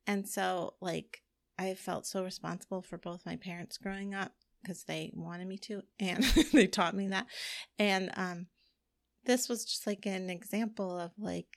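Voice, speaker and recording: A middle-aged woman talks through a long personal story in loose, rambling chat, her voice carrying a gravelly fry. The sound is dry and close, with no room around it. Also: mid-range voice, steady tone, unhurried, no room sound. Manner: chatty, rambling with frequent "like" and laughs. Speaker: podcast co-host. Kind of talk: casual chat.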